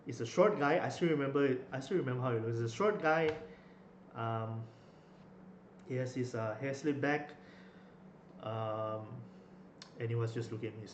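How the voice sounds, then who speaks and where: A man's voice: medium pitch, moderate pace, long pauses, dull audio. Young man, rambling casual storytelling, echoey room, faint background hiss. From Malaysia. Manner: rambling, with many fillers and restarts. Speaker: vlogger.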